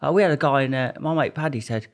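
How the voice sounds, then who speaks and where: A man's voice: medium pitch, fast. A young Englishman, a podcast guest telling stories in a rambling, laughing way with many restarts. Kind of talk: casual storytelling.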